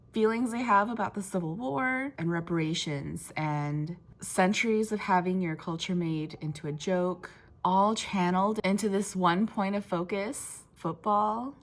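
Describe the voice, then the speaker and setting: A woman book vlogger in casual chat to camera, talking in a chatty way with many fillers and laughs between thoughts. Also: medium pitch.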